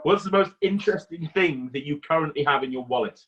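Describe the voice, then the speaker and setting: A man with a fairly high voice hosts a casual interview, hesitating and laughing between questions. The recording sounds slightly dull, as if the top end has been cut off. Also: quick pace, a bit bright. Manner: hesitant, laughs often, friendly. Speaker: interviewer host.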